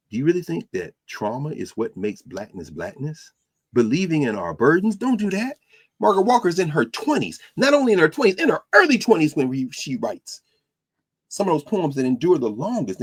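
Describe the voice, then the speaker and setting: A man teaches his podcast class in a preacherly, lecture style. His voice is a little husky and sits on the higher side for a man. His pitch swoops widely as he moves between quotes and asides.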